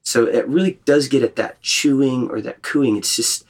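A man leading a group retreat, teaching in a thoughtful, gently questioning way. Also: mid-range voice, moderate pace, hardly any pauses. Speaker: retreat leader. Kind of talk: reflective spiritual teaching.

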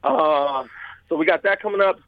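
A fighter guest telling brash, playful trash-talking stories in a casual chat over a phone line. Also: male voice, on the high side, lively intonation, moderate pace, dry recording. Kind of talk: animated storytelling, casual chat.

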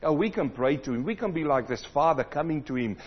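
A man preaching a sermon, swinging between loud emphatic passages and low, quiet asides. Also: animated, a little fast, husky, highs cut off.

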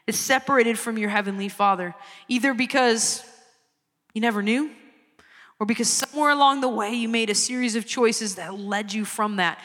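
A woman preaching an evangelistic sermon, earnest and pleading, stretching key words out slowly. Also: sits high, fairly bright tone. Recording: long hall reverb.

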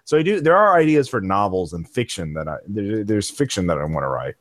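A man's voice: lowish voice, big pitch swings, a little fast, a bit bright, dry recording, clean studio sound. A man chatting casually as a podcast guest, rambling with many restarts and fillers. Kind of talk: casual chat.

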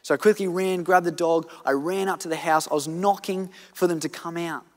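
A man preaching a sermon, earnestly telling a story and swinging from loud to hushed. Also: fairly high pitch, fairly even intonation, a little fast. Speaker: pastor. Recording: long church hall reverb.

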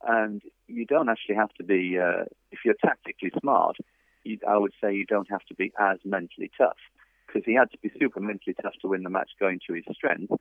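A man's voice: on the low side, fairly quick, vocal fry, dry recording. A man being interviewed as a tennis author, telling stories thoughtfully with frequent fillers. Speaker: tennis author and coach, guest. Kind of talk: interview over a phone line. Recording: dry, tinny phone line.

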